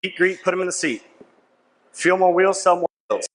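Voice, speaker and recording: At normal speed, a young man's high-sitting, fairly bright voice makes a persuasive sales presentation to a conference audience. The delivery is punchy and repetitive, key lines come back again and again, and he often asks "right?" The recording has the long reverb of a big conference hall.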